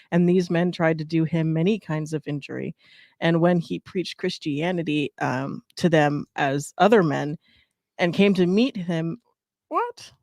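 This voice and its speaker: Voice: mid-range voice, darkish tone, dry recording. Casting: giggly co-host, dry close mic, reads text aloud between laughs. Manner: giggly, laughs often while talking. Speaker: podcast co-host. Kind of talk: casual chat and reading aloud.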